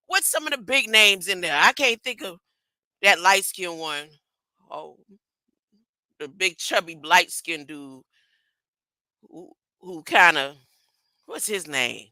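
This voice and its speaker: A woman giving a rambling, excitable spiritual monologue to her online viewers. She keeps tagging lines with "huh?", repeats phrases and laughs between them. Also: medium pitch, takes it slowly, pauses often, no echo. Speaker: online video preacher.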